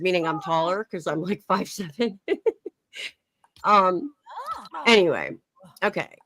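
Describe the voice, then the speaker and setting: A woman's voice: on the low side, lively intonation, moderate pace, fairly bright tone. A young woman chatting casually on her live stream, reading chat messages aloud and laughing often.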